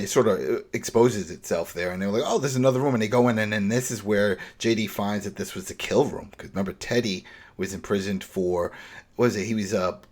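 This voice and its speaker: A man with a lowish voice talks through a TV episode in casual podcast chat. He rambles and restarts, then picks up energy, jumping into quick acted-out bits of dialogue. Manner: animated, rambling retelling with restarts. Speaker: podcast co-host. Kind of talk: casual recap discussion.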